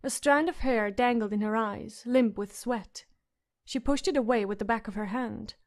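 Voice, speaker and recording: A woman's voice: on the high side, moderate pace. A woman reading a fantasy audiobook with dramatic narration.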